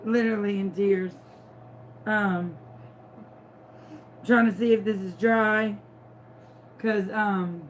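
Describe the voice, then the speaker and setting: Slow, playful Southern woman storyteller. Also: mid-range voice, slight background noise. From New Orleans, US. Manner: animated, playful, dramatic storyteller. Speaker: crafting vlogger. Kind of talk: chatty storytelling while crafting.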